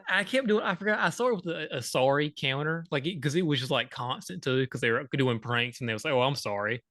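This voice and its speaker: A man co-hosting a podcast, his pitch swinging widely as he chats and breaks off mid-thought. The sound is dry and close, with no room around it. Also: fast, dry recording. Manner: lively, self-interrupting, chuckly. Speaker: podcast co-host. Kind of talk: casual chat.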